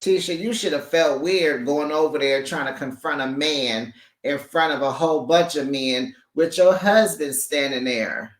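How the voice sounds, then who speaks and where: A reality show recap host in casual chat, sassy and animated, who laughs often and calls listeners honey and baby. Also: mid-range voice, measured pace, echoey room.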